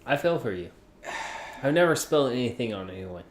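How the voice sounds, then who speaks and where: Lively laid-back male guest. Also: mid-range voice, brisk. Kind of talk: casual interview chat.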